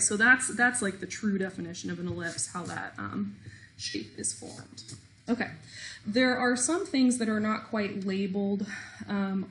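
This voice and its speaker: A woman's voice: medium pitch, a bit bright, slight background noise. A woman teaching a recorded math lesson, explaining step by step with small self-deprecating jokes.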